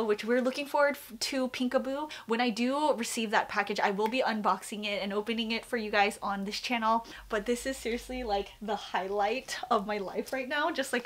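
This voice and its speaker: A young woman vlogging casually, gushing and often dropping into whispers. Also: a little high. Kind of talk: casual haul vlog.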